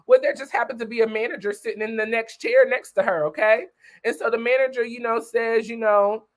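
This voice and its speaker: A woman's voice: fairly high pitch, fairly even intonation, moderate pace, poor audio. Chatty woman retelling a story live. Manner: chatty retelling, tags lines with "okay?" and "you know"; greets viewers by name while talking. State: voice not yet warmed up. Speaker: livestream host. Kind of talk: casual livestream storytelling.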